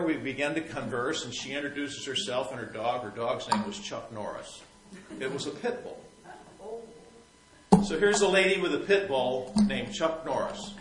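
A man telling a personal faith story in a rambling, repetitive way, sometimes growing soft and emotional. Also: medium pitch, reverberant, heavy background noise. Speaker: Christian storyteller.

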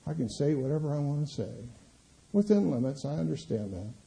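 Impassioned preacher man with a dark voice. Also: very animated, fairly quick, vocal fry, low-quality recording. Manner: impassioned, swings from loud emphatic declarations to low asides. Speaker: pastor. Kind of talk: sermon.

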